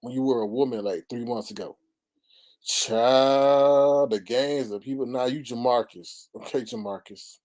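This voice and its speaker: A man's voice: medium pitch, fairly quick, few pauses, dark tone. A man hosting a casual livestream, exclaiming, sighing and greeting his chat viewers. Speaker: livestream host.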